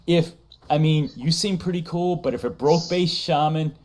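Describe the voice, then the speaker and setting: A man's voice: fairly high pitch, moderate pace, darkish tone. A man hosting a casual livestream chat, talking loosely, laughing often and reading chat messages aloud. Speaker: streamer host.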